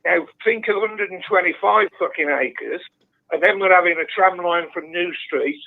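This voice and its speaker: A man's voice: sits high, normal speed, vocal fry. A man with a Birmingham accent calling into a football chat show, blunt and ranting, swearing freely. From Birmingham, England. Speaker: phone-in caller. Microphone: telephone. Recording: tinny phone line.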